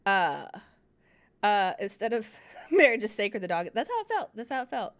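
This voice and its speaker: A woman hosting a writing livestream, chatting casually, telling animated stories and reading chat comments aloud. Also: medium pitch, normal speed. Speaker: livestream host of writing sprints.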